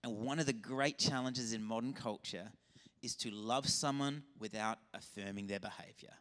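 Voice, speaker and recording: A man, a pastor, preaching a lively, conversational sermon. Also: medium pitch, moderate pace. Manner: animated, conversational preaching with acted-out dialogue. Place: church auditorium.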